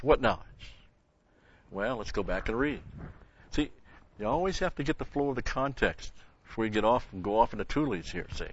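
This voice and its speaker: A man's voice: fairly low pitch, moderate pace, pauses often, a bit bright, husky, no echo, muffled recording. A man giving an expository sermon, explaining Bible verses step by step and rising in emphasis on key words. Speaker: Bible teacher.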